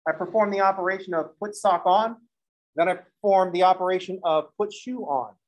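A man's voice: sits high, low-quality recording. A man teaching a math lesson in a classroom, moving from step-by-step explanation into chatty, joking stories and acted-out dialogues. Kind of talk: classroom lecture with joking asides.

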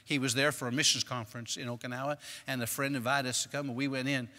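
A man preaching a sermon as a personal story, moving between quiet recollection and loud, emphatic bursts. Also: medium pitch, little pitch movement, fast talker, in a large hall. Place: church sanctuary.

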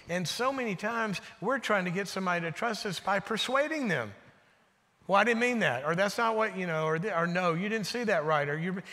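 Male guest preacher, lively storyteller, recorded with long church-hall reverb. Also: high-pitched. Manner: animated storyteller, drops to a hushed voice for quotes. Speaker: guest speaker. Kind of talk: sermon with storytelling. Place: church sanctuary.

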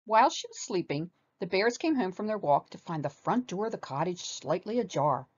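A woman reading a children's story aloud with animated expression. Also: lowish voice, a little fast, husky, muffled recording.

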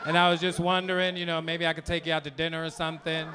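A man's voice: a little high, little pitch movement, pushed and bright, pitched below the performer's own voice. A man acting out a nervous young woman who hesitantly asks a man out on a date. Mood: timid. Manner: hesitant, apologetic, halting.

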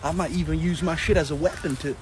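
A man's voice: fairly high pitch, steady tone, fast, background noise. A man, a comedian teasing a friend in broken English in a skit.

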